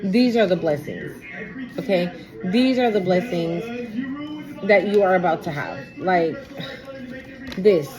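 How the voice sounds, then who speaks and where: A woman's voice: lowish voice, takes it slowly, pauses often, music in the background, rough recording. A woman giving a casual tarot reading, blunt, emphatic and full of swearing. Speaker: tarot reader.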